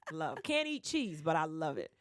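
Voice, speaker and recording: A female singer with a Detroit accent tells stories at a moderate pace during a casual radio interview, recorded on a studio microphone with no room sound. She's an animated guest, acting out the people she quotes with big jumps in pitch.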